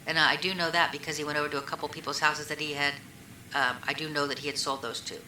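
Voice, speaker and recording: A woman with a low, bright-edged voice answers questions in a recorded police interview as a witness, speaking fast and flatly. She rambles, retells who said what, and piles on fillers like "I mean" and "you know." It sounds like an old recording in an echoey room with faint hiss.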